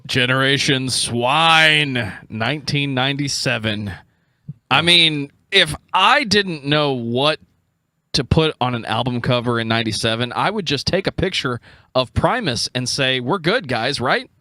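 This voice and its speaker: A man's voice: medium pitch, expressive, a little slow, pushed and bright, dry recording. A man hosting a podcast, chatting casually with dry, joking asides. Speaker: podcast host.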